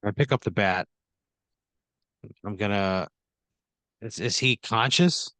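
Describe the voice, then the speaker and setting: A man taking part as a player in an improvised story game, thinking out loud and swearing in disbelief. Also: on the low side, takes it slowly, no room sound. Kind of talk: casual improvised role-play.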